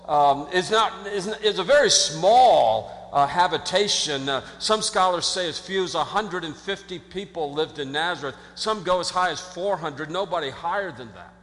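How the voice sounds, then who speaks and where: A man preaching a sermon as pastor, in an animated conversational way, acting out quotes and often restarting his sentences. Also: high voice, moderate pace, hardly any pauses. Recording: long hall reverb.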